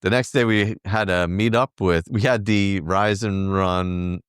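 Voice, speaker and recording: A man's voice: sits low, steady tone, unhurried, clean tone, dry recording, studio quality. A middle-aged man, a podcast co-host, recounting a trip in casual, rambling chat full of fillers. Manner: rambling, filler-heavy storytelling.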